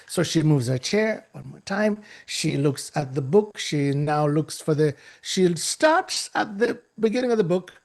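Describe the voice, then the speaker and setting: High, gravelly male storyteller. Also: unhurried, few pauses. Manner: animated, acts out the people in the story; restarts and repeats himself for effect. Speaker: guest speaker. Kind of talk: storytelling talk.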